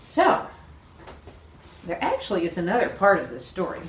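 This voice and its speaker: A woman leading children's worship, telling a Bible story with big expressive swings, recorded in a roomy space from a distance. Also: lowish voice, moderate pace. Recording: echoey room, distant mic, faint hiss.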